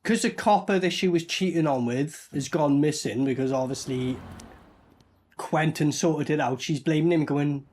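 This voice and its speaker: A man's voice: a little high, a little slow, long pauses, darkish tone. A man giving a rambling, sweary commentary as he reviews a movie. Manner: sweary, rambling, puts on silly voices. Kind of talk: casual reaction commentary.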